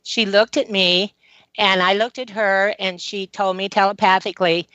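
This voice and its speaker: A woman's voice: mid-range voice, fairly even intonation, moderate pace, fairly bright tone, no room sound. A woman guest telling a personal story in a rambling, earnest way, with many fillers, on a talk show. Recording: dull lo-fi audio.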